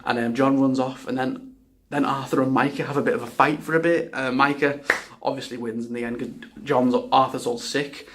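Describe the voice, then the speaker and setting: Rambling, excited man reviewing a game. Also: mid-range voice, brisk, background noise. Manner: rambling and enthusiastic, with frequent restarts and swearing. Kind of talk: casual spoken game review.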